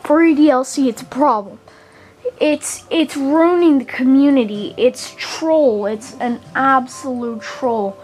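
A woman hosting a gaming channel, giving gameplay commentary in a halting, earnest way and often repeating words as she complains. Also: sits high, darkish tone.

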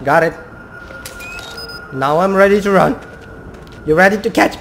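Jumpy high-voiced gamer with gravelly edge. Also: male voice, a little slow, fairly bright tone, a little hiss or hum. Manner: jumpy, talking to himself and viewers, swearing. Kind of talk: horror game commentary.

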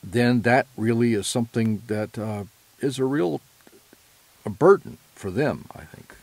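A man delivering a prepared lecture in an earnest, measured way, now and then correcting himself mid-phrase. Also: mid-range voice, gravelly, darkish tone, no echo. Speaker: presenter.

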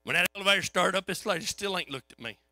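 A man preaching a sermon, telling a story in a folksy, animated way. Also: high-pitched, very fast, no room sound. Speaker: pastor.

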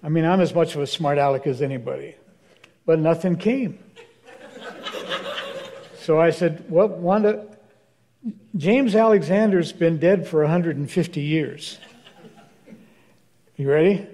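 A man's voice: a little high, measured pace, long pauses, warm tone. An older man, a minister, telling wry anecdotes at a church question-and-answer session, acting out the dialogue. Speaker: guest speaker, minister. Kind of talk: storytelling in a church Q&A. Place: church hall.

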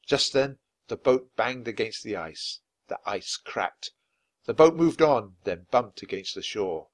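A man reading a children's chapter book aloud clearly and expressively for language learners. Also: fairly low pitch, lively intonation, a little slow, no echo. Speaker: storybook reader.

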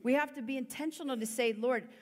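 A woman's voice: fairly high pitch, brisk. A woman giving a sermon as a guest preacher, in an earnest, conversational way with many fillers. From United States. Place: church hall. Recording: long church hall reverb.

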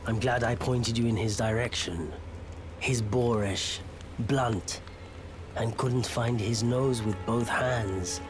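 An actor playing a refined, gently mocking male mage in a video game, speaking softly and slowly. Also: medium pitch, steady tone, lightly acted. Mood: wry. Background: game music.

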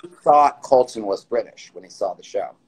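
A man's voice: fairly low pitch, expressive, normal speed, slightly rough, rough recording. A man hosting a casual phone live stream, telling rambling stories with many restarts. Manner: warm storytelling, rambling with restarts. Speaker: writer and host of the stream.

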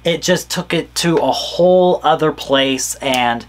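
Deep-voiced, gushing woman podcast co-host. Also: measured pace. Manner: gushing, slangy and hyped. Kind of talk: casual podcast chat.

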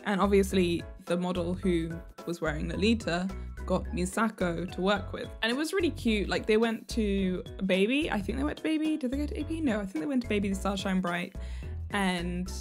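A woman's voice: mid-range voice, expressive, brisk, soft background music. A woman vlogger chatting casually, giggling often as she talks. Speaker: fashion vlogger. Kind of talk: casual chat.

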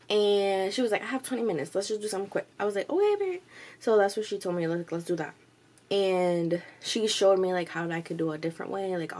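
A young woman tells a storytime vlog in a loose, animated ramble, jumping into quoted voices and swearing freely. Her voice sits a little low with a gravelly fry. A faint hum runs behind her. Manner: chatty, animated retelling with quoted voices and cussing. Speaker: vlogger.

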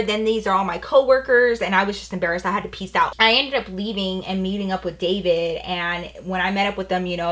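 A woman's voice: medium pitch, fairly bright tone. A young adult woman chatting casually as she tells a personal story, with lots of "like" and "you know". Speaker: beauty vlogger.

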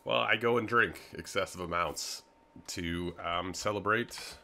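Young guy narrating his gameplay, low-ish voice but bright, rambles with lots of ums. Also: unhurried, gravelly. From Canada. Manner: rambling and easygoing, lots of filler words. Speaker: gaming video host. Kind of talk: casual game commentary.

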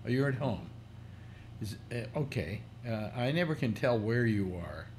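A man's voice: medium pitch, lively intonation, normal speed, darkish tone. A man hosting a casual call-in stream from home, his voice rising and falling freely. He talks in loose rambles full of fillers and restarts. A faint hiss of room noise sits under the computer mic. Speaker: host. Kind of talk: casual live-stream talk show chat. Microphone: computer mic through speakers.

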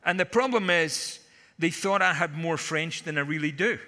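A man's voice: a little high, moderate pace, bright, forceful tone. A man preaching a conference sermon with humorous stories and punchy asides. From Scotland. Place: large conference hall. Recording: long hall reverb.

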